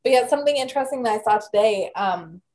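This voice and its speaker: A young American woman co-hosts a podcast, chatting casually and laughing a lot. Her voice is fairly high, animated, and slightly mellow, and she talks quickly, giggling and using plenty of fillers.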